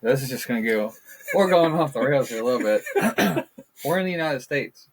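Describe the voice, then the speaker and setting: A man's voice: medium pitch, expressive, normal speed, slight background noise. A man co-hosting a casual podcast, talking bluntly and ranting, swearing freely. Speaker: podcast co-host. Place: backyard. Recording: poor audio.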